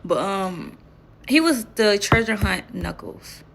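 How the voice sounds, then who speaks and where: Bright, gravelly-voiced young woman telling a story. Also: mid-range voice, slow pace, a little hiss or hum. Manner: animated, laughing, swearing freely. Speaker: vlogger. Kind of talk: casual storytelling.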